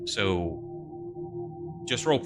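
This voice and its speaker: A man with a very deep voice runs a tabletop game as game master. He rambles through rules and scene setups with lots of fillers, with clear music playing underneath. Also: expressive, extremely slow. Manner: loose, rambling rule explanations with fillers.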